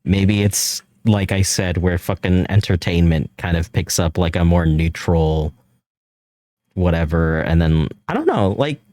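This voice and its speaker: A man with a neutral American accent, streaming and chatting casually while drawing, rambling and swearing, laughing often and jumping up in pitch when he jokes. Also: measured pace, darkish tone, dry recording, studio quality. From California. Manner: rambling, loose, swears often, laughs a lot, voice jumps high when joking.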